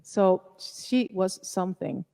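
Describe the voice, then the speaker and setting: Slow, halting woman presenter. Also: mid-range voice, dark tone, long reverb tail. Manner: chatty, halting, with many fillers. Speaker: presenter and singer. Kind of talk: live-streamed music talk.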